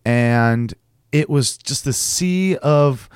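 A man's voice: mid-range voice, drawn-out words, clean tone, no echo, clean studio sound. A man in his forties co-hosting a podcast, telling personal stories in a candid, joking way. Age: 40s. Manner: candid, joking, animated storyteller. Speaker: podcast co-host. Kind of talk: casual chat.

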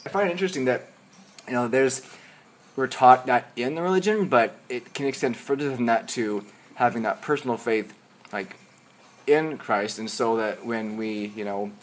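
A man's voice: mid-range voice, moderate pace. Friendly male podcast host. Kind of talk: interviewer asking questions.

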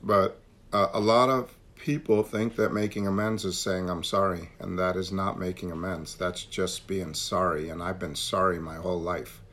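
A man's voice: low-pitched, steady tone, moderate pace, a bit bright. A man leading a recovery meeting on a call, talking earnestly and repeating phrases for emphasis. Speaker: meeting leader.

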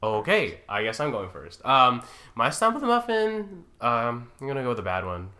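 A man with a Canadian accent co-hosting a podcast, chatting casually and joking with quick asides. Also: mid-range voice, wildly swooping pitch, pushed and bright. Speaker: podcast co-host. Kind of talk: casual banter.

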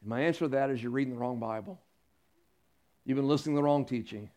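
A man preaching a sermon to his congregation, emphatic, moving between loud declarations and quiet, intimate asides. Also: mid-range voice, quick pace. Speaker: pastor. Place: church sanctuary.

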